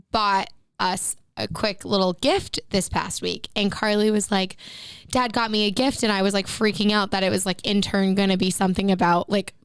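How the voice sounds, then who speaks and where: A woman's voice: mid-range voice, a bit bright, smooth, no room sound. A woman in her twenties co-hosting a podcast, telling stories in a giggly, chatty way. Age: 20s. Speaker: podcast co-host. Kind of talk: casual chat.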